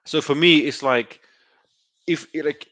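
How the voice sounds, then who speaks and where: A man's voice: a little high, slow pace, a bit bright, no room sound. A man hosting an interview, speaking thoughtfully with hesitant fillers. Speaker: host. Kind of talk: conversational interview.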